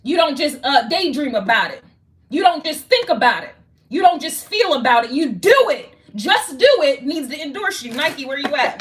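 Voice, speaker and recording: Woman tarot reader, higher voice, sharp bright tone, slangy, cussing, talks to viewer. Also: animated, normal speed, slight background noise. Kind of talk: casual tarot reading.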